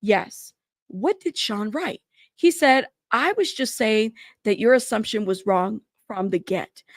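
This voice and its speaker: A woman reading court transcripts aloud and breaking off with animated reactions of her own. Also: mid-range voice, slow pace, no room sound, clean studio sound. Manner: animated reactions to the text she reads. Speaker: trial news commentator.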